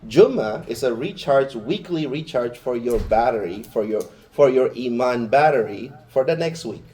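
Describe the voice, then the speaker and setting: A man's voice: mid-range voice, expressive, normal speed, warm tone. A man giving a Friday sermon in a mosque, talking informally and chattily, with personal asides to the congregation. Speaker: Friday preacher.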